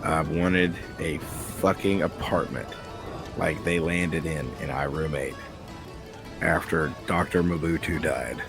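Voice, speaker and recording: A man hosting a casual podcast chat about a cartoon, rambling and excitable, swearing casually. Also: a bass voice, slow, music in the background. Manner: rambling, excitable, swears casually, quotes scenes in put-on voices. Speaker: podcast host.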